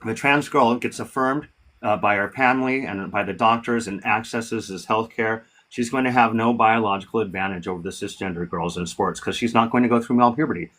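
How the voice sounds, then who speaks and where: A man's voice: lowish voice, a little fast, fairly bright tone. A man hosting a live-stream debate, combative and profane, talking over his guest.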